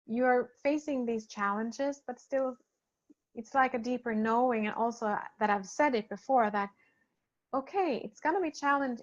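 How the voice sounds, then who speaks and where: A woman spiritual healer talking casually, gently and hesitantly, as she reads and answers feedback from participants. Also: a little high. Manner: soft-spoken, gentle, hesitant with many pauses and fillers. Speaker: spiritual healer leading a program. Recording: dull lo-fi recording.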